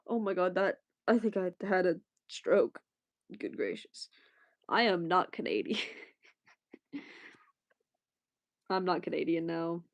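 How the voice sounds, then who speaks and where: A woman's voice: lowish voice, moderate pace, hardly any pauses, no echo. A woman livestreaming, chatting casually and rambling as she answers her chat, often laughing.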